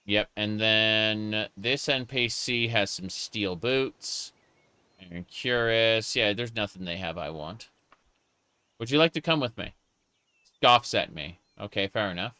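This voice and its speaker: A man chats his way through a game stream, playful and joking as he reads chat aloud. His voice is low and clear, and he takes his time. The sound is dry and close. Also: bright, forceful tone, no echo. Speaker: gaming streamer. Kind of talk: casual live gameplay commentary.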